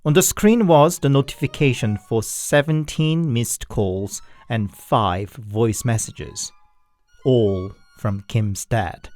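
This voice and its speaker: A man narrating scary stories in a slow, measured way. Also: medium pitch. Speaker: storyteller. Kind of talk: scripted horror narration. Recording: dry, with soft violin music. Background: faint violin music.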